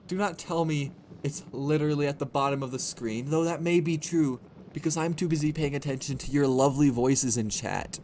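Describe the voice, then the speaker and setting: A man's voice: on the high side, a little fast, noisy background. A man streaming a game, talking to his chat in playful, self-mocking mini rants. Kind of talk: livestream gameplay commentary.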